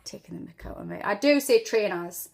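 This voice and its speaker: A woman with a Geordie accent from northeast England, chatting casually through an accent tutorial as a mother of two, sing-songy and quick to laugh. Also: mid-range voice, expressive, gravelly.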